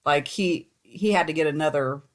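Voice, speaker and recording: A woman co-hosting a podcast, telling a story in a relaxed chat and laughing along. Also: deep voice, normal speed. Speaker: co-host.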